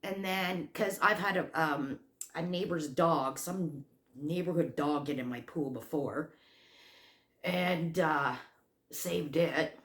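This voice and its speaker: A woman with a somewhat low voice, telling a story at an unhurried pace for her crochet channel. She rambles and restarts, filling gaps with ums and uhs. The room around her is echoey. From Canada. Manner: rambling, animated retelling with many fillers and restarts. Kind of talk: casual storytelling vlog.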